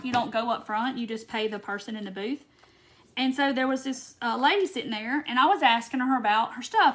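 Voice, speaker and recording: A woman's voice: on the high side, a bit bright. A woman, chatting in a casual craft livestream while she works and tells stories to her viewers. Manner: chatty, storytelling, says "y'all". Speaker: craft host.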